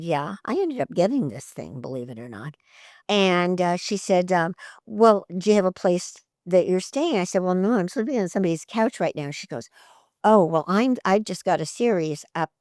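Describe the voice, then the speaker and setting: An older actress in an interview, telling stories in a chatty, animated way, often laughing and jumping her voice up for quoted lines. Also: on the low side, dry recording, studio quality. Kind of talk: conversational storytelling interview.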